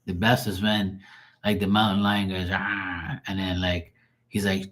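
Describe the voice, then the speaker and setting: A man's voice: low voice, flat delivery, a little slow, a bit bright. A man chatting casually on a livestream, telling rambling, profane stories and laughing often. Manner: loose, rambling storytelling with heavy slang and profanity. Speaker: streamer doing live tarot reads.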